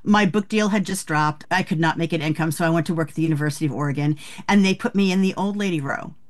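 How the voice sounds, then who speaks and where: A woman in her sixties, an author being interviewed, telling frank, animated stories about aging. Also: low voice, fast talker. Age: 60s. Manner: frank, animated storytelling with laughs. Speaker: author guest. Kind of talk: candid interview talk.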